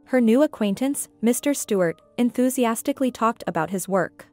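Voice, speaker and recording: Higher-voiced woman narrating a story. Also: animated, normal speed, a little mellow, soft background music.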